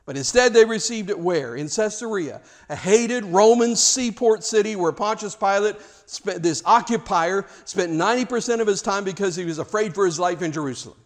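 A man's voice: high voice, expressive, normal speed, hardly any pauses. A man preaching a sermon, emphatic, with rhetorical questions and repeated words.

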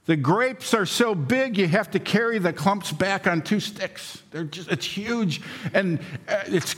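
A man voicing an excited male scout, speaking much higher and brighter than his own voice in a reverberant hall. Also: a little slow, slightly rough, exaggerated voice.

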